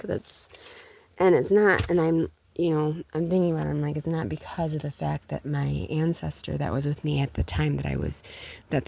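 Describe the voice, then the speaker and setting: A woman's voice: low voice, vocal fry, warm tone, a little hiss or hum. A middle-aged woman chatting casually in a rambling way about spiritual matters, with many restarts. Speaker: vlogger.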